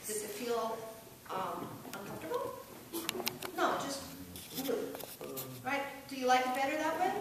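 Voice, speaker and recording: A woman vocal coach with a high voice gives encouraging, demonstrative directions and sometimes sings a line to show how. She is recorded from a distance in a very echoey room. A steady noise sits behind her. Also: unhurried, long pauses. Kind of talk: singing lesson coaching.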